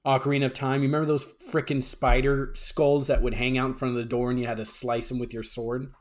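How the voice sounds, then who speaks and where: A young man co-hosting a podcast, telling stories in an excitable, slangy way. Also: medium pitch, quick pace. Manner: excitable storyteller, says dude and bro. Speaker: podcast co-host. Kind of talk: casual chat.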